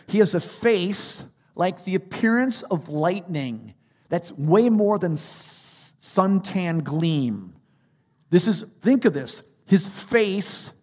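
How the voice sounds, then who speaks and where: A man preaching a sermon as a pastor, animated, rising to emphatic peaks and dropping to quiet asides. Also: a little high, slightly rough.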